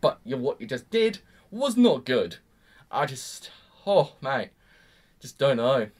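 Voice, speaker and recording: A man's voice: mid-range voice, big pitch swings, slow, a little mellow. A young man rambling through an emphatic, exasperated reaction review. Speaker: anime reviewer. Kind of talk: casual reaction commentary.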